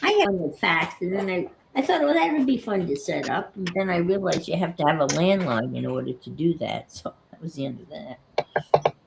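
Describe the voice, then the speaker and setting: A woman's voice: on the low side, lively intonation, normal speed, vocal fry, noisy background. A woman co-hosting a casual crafting stream, easygoing and playful. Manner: easygoing, playful, jokey asides. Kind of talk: casual chat.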